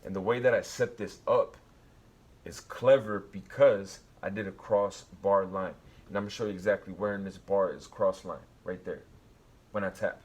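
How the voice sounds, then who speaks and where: A man teaching rap writing in a casual way, explaining slowly and counting out beats and syllables. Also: sits low, fairly even intonation, darkish tone. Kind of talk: casual instructional talk.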